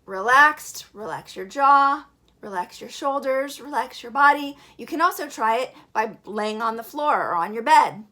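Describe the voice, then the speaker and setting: A woman's voice: fairly high pitch, animated, unhurried. A woman giving an upbeat breathing and singing lesson for children, encouraging and demonstrating as she goes. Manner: bright, encouraging, demonstrates breaths and sings alphabet. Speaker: vocal teacher for kids.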